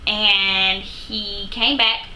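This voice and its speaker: A woman vlogger chatting to her camera, retelling a story in a lively, casual way with plenty of fillers. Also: medium pitch, extremely slow. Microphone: camera mic. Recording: echoey room, faint background noise.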